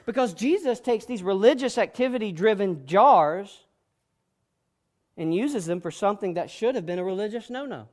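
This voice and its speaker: Guy pastor preaching loud and passionate, pretty high voice for a man. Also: expressive, normal speed. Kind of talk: sermon.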